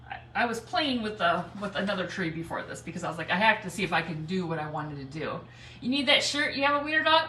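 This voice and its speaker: A woman's voice: fairly high pitch, sharp tone, slight background noise. Chatty woman greeting viewers in an echoey room. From Michigan, United States. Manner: chatty, greets viewers by name, laughs often. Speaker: craft livestream host. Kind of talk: casual live craft stream, greeting viewers. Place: home, snowy day. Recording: echoey room, speaker a bit far from mic.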